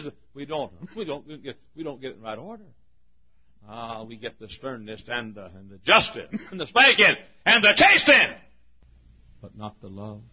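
Older preacher, husky, folksy. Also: male voice, a little high. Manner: folksy, laughing, shouting for emphasis. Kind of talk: sermon. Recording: muffled old sermon tape.

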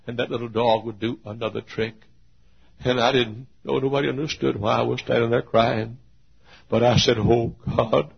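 Older guy preaching, gravelly husky voice, goes quiet then shouts, dull lo-fi old recording. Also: lowish voice. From Texas. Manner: swings from hushed storytelling to shouted preaching. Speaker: pastor. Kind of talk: sermon.

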